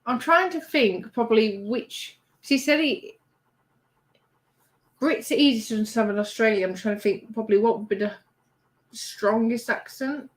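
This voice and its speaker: A woman's voice: a little high, moderate pace, rough recording. A woman with a Yorkshire accent chatting casually as a livestream co-host and reading out viewer comments.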